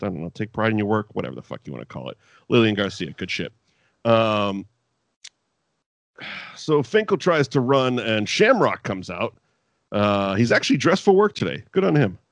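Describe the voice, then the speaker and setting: A man's voice: mid-range voice, dry recording. A man casually recapping an old wrestling show with a co-host, swearing freely and laughing often. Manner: profane, animated, laughs often. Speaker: podcast co-host.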